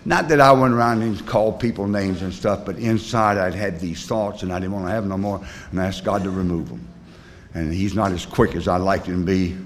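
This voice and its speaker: Guy sharing his recovery story, kinda low voice, rambly and folksy, lots of uh and you know, bit of hiss behind. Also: a little fast. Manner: folksy, rambling, with many fillers; plain rural grammar. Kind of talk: personal storytelling talk.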